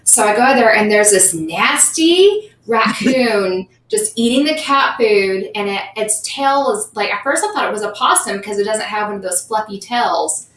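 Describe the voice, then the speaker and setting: A woman co-host telling a story in casual chat, animated as she goes. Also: medium pitch, normal speed, far from the mic. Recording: echoey room, faint noise, off-mic.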